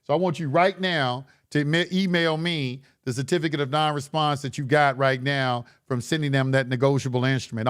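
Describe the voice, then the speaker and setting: A man with a medium-pitched voice hosts a live stream, reading chat questions and answering bluntly in a lecturing way, using casual slang and often repeating himself.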